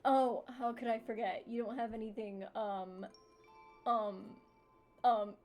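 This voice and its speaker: A man's voice: high-pitched, fairly even intonation, takes it slowly, a little mellow, soft background music. Woman doing a sulky sarcastic teen brother. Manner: whiny, mocking.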